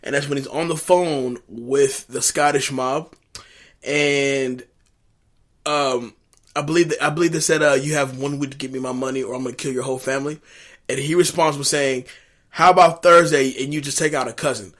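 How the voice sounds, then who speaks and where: A man co-hosting a casual movie recap, animated and rambling, with many fillers and restarts. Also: medium pitch, normal speed. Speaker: co-host.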